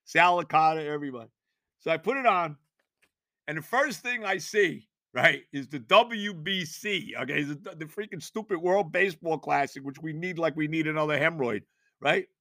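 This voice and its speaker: An older man, hosting a sports podcast and ranting in exasperation with loud, theatrical outbursts. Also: fairly high pitch, moderate pace, dry recording, studio quality. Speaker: podcast host. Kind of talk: sports rant.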